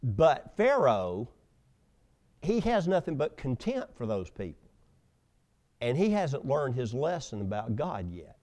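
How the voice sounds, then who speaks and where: A man preaching a sermon, telling stories with loud emphasis and hushed asides. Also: medium pitch, sing-song, slow pace, pauses often. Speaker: pastor.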